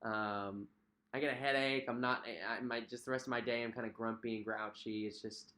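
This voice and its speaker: A man's voice: medium pitch, steady tone, a little fast, bright, forceful tone. A young man hosting a casual livestream, chatting in a friendly way, reading out viewer comments and repeating himself with many fillers. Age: young adult. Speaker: cruise vlog host. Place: at home.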